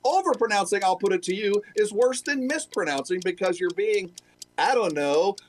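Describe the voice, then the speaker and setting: A man's voice: high voice, expressive, normal speed. A man chatting as a panelist, joking in a wry way. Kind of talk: casual panel chat.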